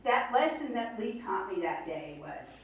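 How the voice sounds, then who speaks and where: At a memorial gathering, a woman in her sixties tells a personal story to the crowd, chatting and laughing throughout and saying "you know" often. Her voice is mid-range, sing-song, and unhurried. The hall echoes, and the mic picks her up from far away.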